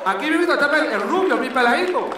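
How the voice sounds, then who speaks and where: A man's voice: extremely high pitch, expressive, rapid-fire, a crowd in the background, noisy background, voice pushed up. A man voicing a tiny, proud mother who jokes and gushes, on a live stand-up stage. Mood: gushing. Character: tiny proud Puerto Rican mother, playful. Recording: roomy live club, distant mic, audience.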